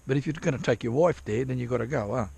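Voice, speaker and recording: Gravelly, swearing rambling man. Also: medium pitch, quick pace, a little mellow. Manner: rambling, profane, self-interrupting. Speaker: vlogger prospecting for gold. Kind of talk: casual rambling vlog. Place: outdoors at a dig site in drizzle.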